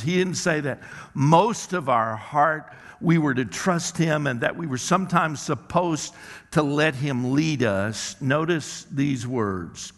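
A male pastor delivers a sermon in a church worship center, his voice slightly higher than most men's. He is emphatic and slows down to lean on the words that matter. His voice rings out with a long hall reverb. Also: a bit bright.

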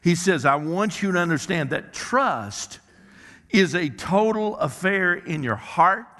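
A male pastor preaching a sermon in a church, emphatic and slowing down to stress key words. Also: sits high, expressive, bright, forceful tone. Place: church worship center. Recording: long hall reverb.

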